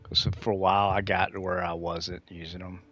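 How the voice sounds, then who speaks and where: A man's voice: low-pitched, level tone, brisk, pushed and bright. A man streaming a game, chatting casually and rambling off on tangents, laughing at his own stories. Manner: rambling, easily sidetracked storytelling. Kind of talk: casual live-stream chat.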